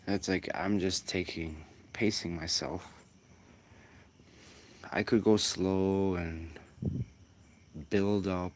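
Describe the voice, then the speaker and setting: A man's voice: deep voice, steady tone, slow, long pauses, a little hiss or hum. A man giving casual, rambling commentary while sim racing, musing aloud with lots of fillers.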